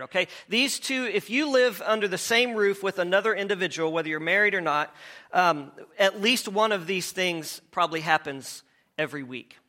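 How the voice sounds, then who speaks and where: A pastor preaches a sermon in a high, bright voice well above most men's range. His style is conversational: he restarts phrases, repeats words as he goes, and asks the congregation questions while working through his message.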